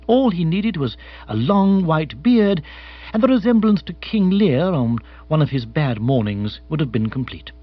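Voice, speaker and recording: A man narrates a comic novel with expressive, animated delivery. His voice sits fairly high and swings widely, with a husky grain. The recording is dull and lo-fi. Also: a little slow, no room sound. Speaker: audiobook narrator.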